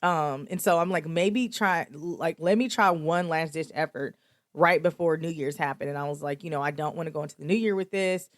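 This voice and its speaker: A woman's voice: brisk, no room sound, studio quality. A young adult woman hosting a podcast, candidly telling a story in casual speech and acting out the quoted lines. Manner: animated, acts out quoted dialogue with big pitch jumps. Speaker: podcast host.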